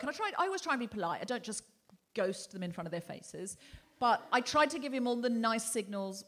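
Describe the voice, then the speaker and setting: A woman's voice: mid-range voice, fast talker. Woman host telling a story on stage. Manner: animated, acts out other people's lines. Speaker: podcast host. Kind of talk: live comedy podcast storytelling. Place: theatre stage before a live audience.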